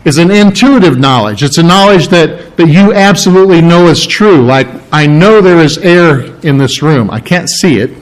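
Guy preaching a sermon, kinda high voice, gets loud and animated on the key points. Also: moderate pace, few pauses, low-quality recording. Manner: animated preaching, rising in pitch for emphasis, with restarts. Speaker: pastor. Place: room with a congregation.

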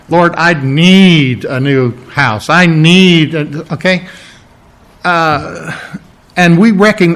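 A man's voice: fairly high pitch, fairly bright tone. A male pastor preaching a conversational, emphatic sermon, often asking rhetorical questions.

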